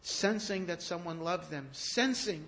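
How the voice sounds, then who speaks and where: A man giving a sermon, telling stories in an animated way that rises to emphatic peaks. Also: high-pitched, a little slow. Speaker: rabbi giving a talk. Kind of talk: storytelling sermon.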